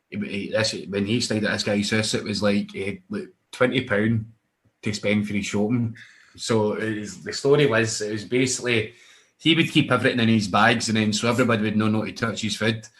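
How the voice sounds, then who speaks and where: A young Scottish man with a fairly low voice tells loose, rambling wrestling stories. He stops and restarts often and laughs as he goes. The talk is relaxed and conversational. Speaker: wrestler guest. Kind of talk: casual interview chat.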